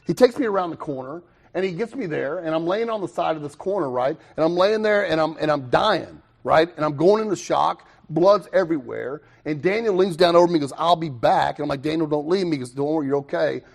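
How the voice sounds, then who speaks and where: A young man speaks to a recovery meeting in a gravelly, fairly high voice. He tells his own story with animated energy, cracking self-mocking asides to the room. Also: a little fast.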